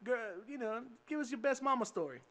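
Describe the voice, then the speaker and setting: A man with a high, bouncy voice chimes in on a casual podcast. He teases his co-host and jokes along with the group, his pitch swinging up and down. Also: expressive, fairly quick, fairly bright tone. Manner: teasing, joking interjections. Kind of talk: casual chat.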